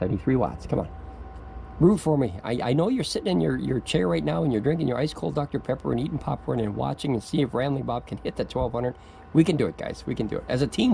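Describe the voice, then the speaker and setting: A man's voice: medium pitch, creaky, darkish tone, a little hiss or hum, low-quality recording. A man making an off-the-cuff product review video outdoors, rambling and stammering, getting giddy and laughing as he talks.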